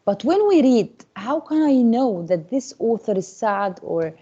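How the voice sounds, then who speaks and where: A woman teacher speaks to her class in a mellow, slightly husky voice. She keeps checking in with the students with a coaxing "Okay?". The recording is dull and lo-fi. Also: on the high side, very animated, measured pace. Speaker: English teacher.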